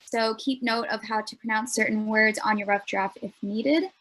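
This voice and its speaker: A woman's voice: fairly high pitch, fairly even intonation, moderate pace, fairly bright tone, slight background noise. A young woman presenting a student speech workshop in an earnest, explanatory way, with frequent ums.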